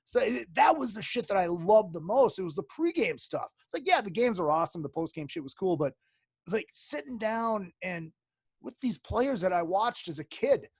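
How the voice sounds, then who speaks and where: A man's voice: high voice, very animated, moderate pace, breathy edge, no echo, clean studio sound. A man from Minnesota telling stories in casual chat, rambling with lots of fillers and swearing.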